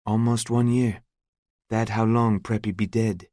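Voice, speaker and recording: A man's voice: on the low side, little pitch movement, measured pace, mellow, dry recording, studio quality, pitched above the performer's own voice, lightly acted. A man voicing a blunt female gas station clerk with a foreign accent, speaking clipped broken English.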